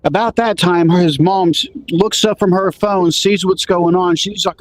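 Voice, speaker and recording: A man's voice: high-pitched, fairly even intonation, unhurried, hardly any pauses, slight background noise. A man casually telling a road story, rambling and restarting, acting out the dialogue he recalls. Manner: rambling, restarts often, acts out quoted dialogue.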